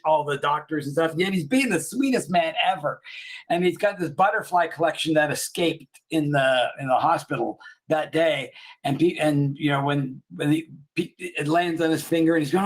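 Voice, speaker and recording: Man, fairly high voice, casual co-host, rambling, laughs a lot, acts out the lines. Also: moderate pace. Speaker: podcast co-host. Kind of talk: casual chat, retelling a comedy show.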